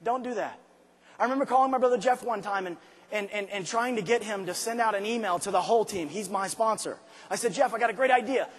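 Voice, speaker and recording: Husky-voiced man preaching in a big hall. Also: high-pitched. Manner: swings from quiet intimate asides to shouted, drawn-out emphasis. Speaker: motivational speaker. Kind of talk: motivational speech to a large arena crowd. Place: large arena. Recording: live speech with long hall reverb.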